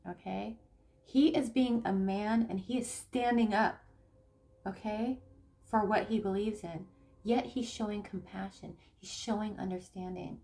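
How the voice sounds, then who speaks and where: A woman with a fairly high voice talks slowly to camera about her views as a spiritual coach. She pauses often and restarts her sentences. She is emphatic but lets her phrase endings fall away quietly. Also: fairly even intonation. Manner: slow, halting, with many restarts and fillers. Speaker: tarot reader and spiritual coach. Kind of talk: casual monologue to camera.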